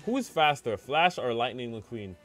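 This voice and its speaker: A young man commenting on a game as he plays it live, speaking at a middling pitch and addressing his chat the whole way through. He swings easily into loud, excited outbursts when a move fails. Faint music plays quietly beneath his voice. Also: normal speed. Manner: excitable, talks to chat, cries out when things go wrong. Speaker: game streamer.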